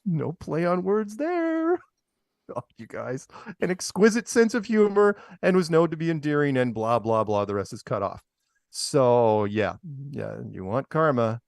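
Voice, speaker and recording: Sarcastic man with a lively voice. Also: a little high, unhurried, gravelly, dry recording, studio quality. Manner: sarcastic, mocking asides with laughs. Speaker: podcast co-host. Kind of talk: casual commentary on news clips.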